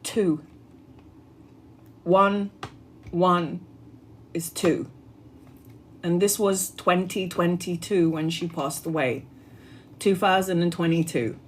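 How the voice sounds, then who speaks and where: A woman's voice: lowish voice, steady tone, slow, long pauses, a little hiss or hum. A woman tarot reader telling a personal story on a livestream in an earnest, heartfelt, spiritual way.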